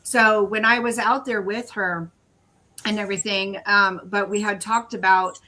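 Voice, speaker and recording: A woman's voice: medium pitch, steady tone, a little slow, pushed and bright. A woman podcast host chatting casually, recounting a trip in a loose, chatty way. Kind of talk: casual chat.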